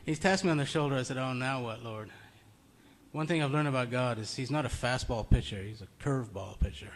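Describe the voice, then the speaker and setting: A man gives a relaxed, chatty sermon to a small group in a meeting room. He tells his stories plainly and chuckles between points. His pitch sits in the middle range. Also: fast, a little hiss or hum. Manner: conversational, storytelling, chuckles often. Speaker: preacher. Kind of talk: informal sermon.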